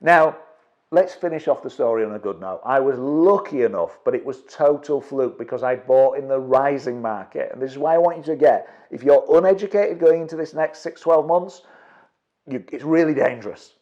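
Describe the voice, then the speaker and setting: A middle-aged man, a property investment trainer, tells a story to an audience, acting out his own quotes with quick restarts. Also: medium pitch, darkish tone, muffled recording.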